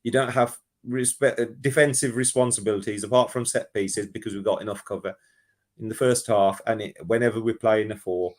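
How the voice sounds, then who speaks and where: A man calling in to a football phone-in, talking in an animated, rambling way and often restarting his sentences. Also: lowish voice, a little fast. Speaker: caller. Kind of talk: casual football phone-in chat.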